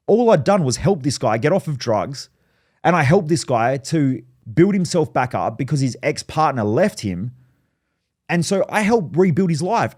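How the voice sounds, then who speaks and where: Aussie guy ranting about business drama, blunt, swears a lot, gets animated. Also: on the high side. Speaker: business coach. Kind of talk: casual monologue, storytelling.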